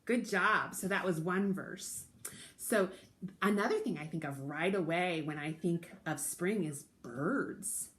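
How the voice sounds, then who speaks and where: A woman hosting a children's storytime from home, leading a sing-along with a gentle, encouraging manner. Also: lowish voice, takes it slowly. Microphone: recording alone to camera.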